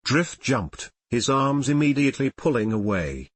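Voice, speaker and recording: A man reading fan fiction aloud as a story narrator in an animated storytelling manner. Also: mid-range voice, unhurried, few pauses, dry recording. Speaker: reader.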